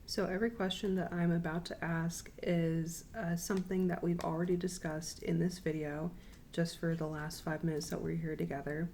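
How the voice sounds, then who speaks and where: A young woman records her class presentation, reading quiz questions slowly and repeating each option with plenty of ums. Her voice sits low and has a gravelly fry to it. A faint hum of room noise runs underneath. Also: flat delivery, mellow. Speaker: counseling student presenting.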